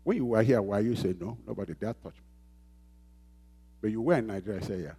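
Warm and slightly rough, a lowish male voice preaches at a quick pace. The pastor hammers home his points through repeated phrases and engages the congregation with call-and-response questions.

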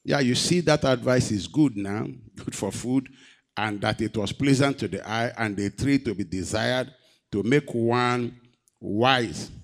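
A man preaching a sermon, reading scripture and asking the congregation questions, moving between loud, raised emphasis and quiet, low delivery. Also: measured pace. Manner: asks the congregation rhetorical questions.

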